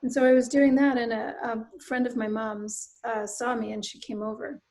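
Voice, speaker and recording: A middle-aged woman from Nova Scotia, a writer speaking as a guest, telling a personal story in an earnest, reflective way that often drops into soft asides. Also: a little high, little pitch movement, moderate pace. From Nova Scotia, Canada.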